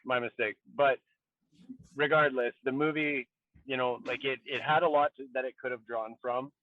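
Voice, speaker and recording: Over a thin, phone-style connection with no room sound at all, this podcast co-host talks casually at a moderate clip. His medium-pitched delivery stays fairly even in intonation as he works through ideas out loud, restarting often.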